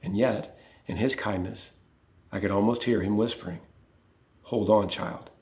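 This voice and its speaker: A man's voice: on the low side, fairly even intonation, a little slow, a little mellow, slight background noise. A man co-hosting a casual chat, reading passages from a book aloud, earnest and easily moved. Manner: earnest, gets emotional. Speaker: co-host.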